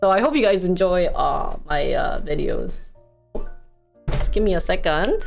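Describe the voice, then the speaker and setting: Young woman streamer, Wisconsin accent, animated and chatty, quick giggles. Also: fairly low pitch, gravelly, faint music behind. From United States. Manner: chatty, giggly, reads and answers chat. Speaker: live streamer. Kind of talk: casual live-stream chat with viewers. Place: her home.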